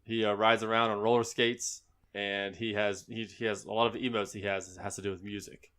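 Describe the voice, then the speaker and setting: A man's voice: fairly low pitch, little pitch movement, fairly quick, fairly bright tone. A man co-hosting a casual podcast, telling a dad joke in a joking manner. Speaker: podcast co-host.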